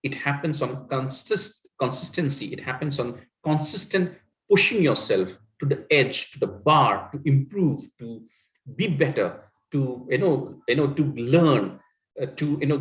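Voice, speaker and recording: A man's voice: fairly high pitch, reverberant, poor audio. A middle-aged man from Assam, India, who speaks English with an Indian accent and whose first language is Assamese. As a communication coach, he gives a motivational talk in an earnest way, with many fillers and tag questions.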